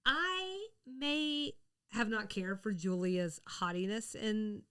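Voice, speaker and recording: A woman co-hosting a podcast in casual chat, chatty and quick to laugh. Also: medium pitch, a bit bright, smooth. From the American South. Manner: chatty, laughs often, rambling restarts. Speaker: podcast co-host.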